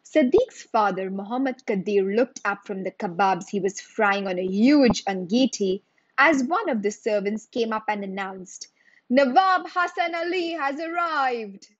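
A woman slowly reading a children's story aloud in a measured storytelling manner. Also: mid-range voice, husky, no echo, lo-fi sound.

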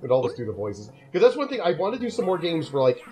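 A man's voice: fairly high pitch, wildly swooping pitch, fast, loud music behind the voice, low-quality recording. A man hosting a let's play, chatting casually and explaining the plot of the game as he plays.

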